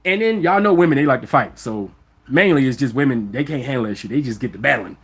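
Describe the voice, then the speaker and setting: A man's voice: mid-range voice, animated, fast, slightly rough. A man with an African American accent hosting a live stream, talking in an emphatic, profane, fired-up monologue. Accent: African American English. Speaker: vlog host.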